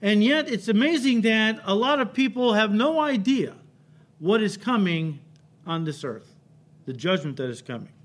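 A male pastor preaching a sermon, emphatic, rising to loud cries and dropping low, often checking in with the congregation. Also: lively intonation, moderate pace. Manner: emphatic, builds to loud cries then drops low, frequent "right?" checks.

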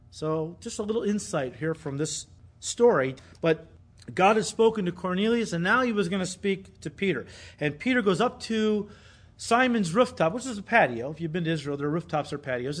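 High-voiced man preaching animatedly. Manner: animated preaching, acts out quoted voices with sudden loud emphasis. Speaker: pastor. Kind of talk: sermon.

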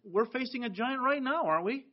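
A man's voice: very high voice, animated, fairly quick. A middle-aged American man preaching a sermon to his church in an earnest, conversational way. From United States. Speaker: pastor. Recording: dull lo-fi sound.

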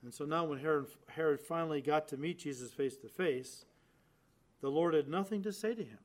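A man delivering a sermon in a voice pitched a little above the usual for men. He hits key words hard and lets his phrases sink to quiet, low endings. He speaks straight to his listeners and acts out the lines he quotes. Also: a little fast. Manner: emphatic, swings from loud stresses to quiet low endings. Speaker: preacher.

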